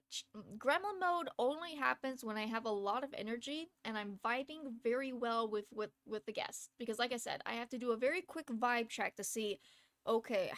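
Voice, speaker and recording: A woman's voice: fairly high pitch, a bit bright, no echo, studio quality. A woman live streamer telling a story in a chatty, casual way, laughing often between phrases. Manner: chatty, lots of fillers and restarts.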